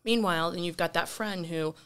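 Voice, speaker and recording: A woman's voice: fairly low pitch, a little fast, a bit bright, smooth. A woman co-hosting a podcast in a chatty casual way. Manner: chatty, laughing easily. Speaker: podcast co-host.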